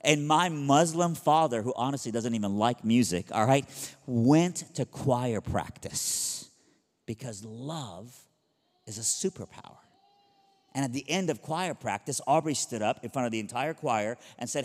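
A middle-aged man from Iran preaching, telling a story with lively, acted-out dialogue. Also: mid-range voice, a little slow. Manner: animated storyteller acting out dialogue with big vocal jumps. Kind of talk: storytelling sermon. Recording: long hall reverb.

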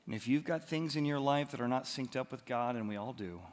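A man preaching a sermon as the pastor, telling stories with lively, animated bursts of loud excitement. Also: mid-range voice, brisk. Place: church auditorium. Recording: long reverb of a large hall.

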